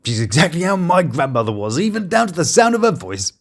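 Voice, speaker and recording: A man hosts a comic review show, cracking sarcastic jokes over clips. His voice sits a bit high for a man and swoops widely in pitch. His delivery is animated and mocking. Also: a little fast, faint music behind. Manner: sarcastic, jokey, lively. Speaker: YouTube show host and reviewer.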